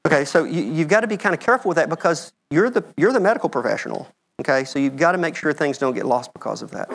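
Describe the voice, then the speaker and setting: A man's voice: on the high side, lively intonation, fast, vocal fry. Chatty American man giving a slide talk. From United States. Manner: conversational, checks in with "okay?". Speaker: medical mission speaker.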